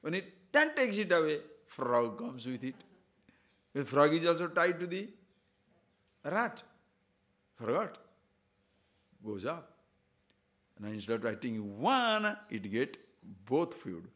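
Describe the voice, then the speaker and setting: A man giving a spiritual discourse, telling a fable in an animated way and checking in with his listeners as he goes. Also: on the high side, takes it slowly, pauses often. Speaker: spiritual teacher.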